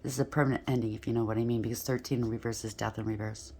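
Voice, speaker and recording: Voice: mid-range voice, level tone, racing, a little mellow, slight background noise. A tarot reader giving a casual spoken reading, talking straight to the listener, checking in with "right?" and "okay?", and now and then tripping over words and starting again. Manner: addresses the listener directly with frequent rhetorical checks; stumbles and restarts while talking.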